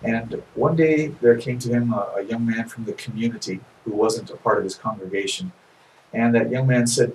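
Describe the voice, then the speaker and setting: A soft-spoken minister tells a story in an unhurried way, often pausing and restarting. His voice sits at a middle pitch for a man. He sounds a bit distant from the microphone, recorded in a small office. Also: a little hiss or hum. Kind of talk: sermon storytelling.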